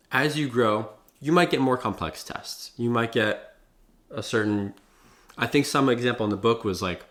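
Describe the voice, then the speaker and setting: A man's voice: mid-range voice, a bit bright. A young man vlogging advice in a loose, profane way, heavy on fillers like "like" and "bro.". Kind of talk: casual talking-head advice.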